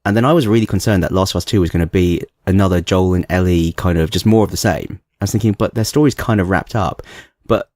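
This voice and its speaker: A man with a London accent co-hosting a podcast in casual chat, animated and quick to laugh. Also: sits low, no room sound, studio quality. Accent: London English. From London, England. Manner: animated, laughs often, acts out voices. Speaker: podcast co-host.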